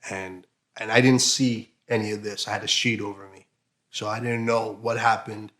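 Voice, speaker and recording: A man with a fairly low voice tells his own story in an interview. His speech is halting and emotional, broken by fillers and restarts. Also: level tone, fairly bright tone. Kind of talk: emotional personal testimony.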